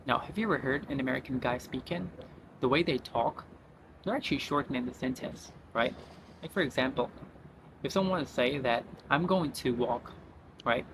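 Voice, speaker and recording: A man's voice: mid-range voice, fairly quick. A man hosting his channel, giving accent tips in a casual tutorial, tagging his sentences with "right?" and "you know". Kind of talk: casual tutorial talk to camera. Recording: steady traffic noise behind.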